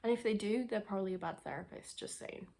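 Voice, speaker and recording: Talking fast in a warm, mid-range voice with vocal fry, a young lifestyle vlogger chats casually to camera while seated. She rambles, restarts her thoughts, and is slightly breathless.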